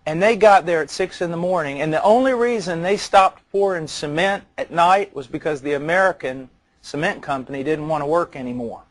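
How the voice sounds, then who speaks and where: A man with a fairly high-pitched voice preaches a sermon, telling stories in a conversational way before building to earnest intensity. He often repeats words as he begins a phrase.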